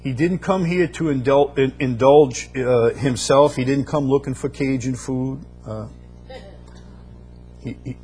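A man's voice: medium pitch, a little slow, warm tone, soft background music. A man preaching a sermon, building emphasis through repeated phrases and rising bursts. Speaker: pastor.

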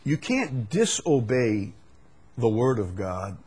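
A pastor preaches to his church congregation, his slow, slightly rough voice swinging between loud, emphatic highs and low, quiet stretches. He is very animated and poses rhetorical questions to the listeners.

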